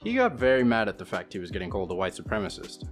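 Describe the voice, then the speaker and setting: A man's voice: fairly low pitch, wildly swooping pitch, very fast. Man narrating over guitar music. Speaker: video narrator. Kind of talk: scripted narration.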